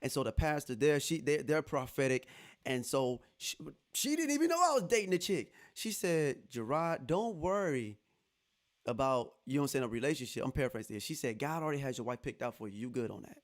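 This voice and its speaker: A man hosting a podcast, telling a personal story in casual chat, animated and laughing as he acts out what others said. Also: mid-range voice, fairly quick. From Texas. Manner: animated, laughing, quotes others in lively voices. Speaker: podcast host.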